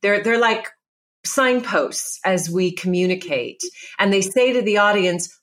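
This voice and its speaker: A woman's voice: mid-range voice, expressive, measured pace, fairly bright tone. A middle-aged woman, a presentation coach, giving emphatic, instructive advice step by step in an interview. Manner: emphatic, instructive, lists steps.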